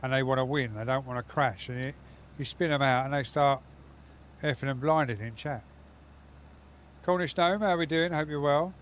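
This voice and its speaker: In a relaxed live gaming stream, a man drifts from thought to thought as he talks with viewers from his home setup. He speaks at a moderate pace in a medium pitch, and there's a little hiss or hum.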